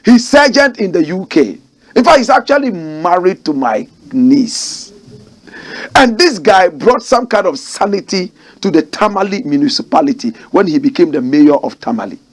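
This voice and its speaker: A man's voice: sits high, sing-song, normal speed. A Ghanaian man giving fiery political commentary, mocking and firing rhetorical questions.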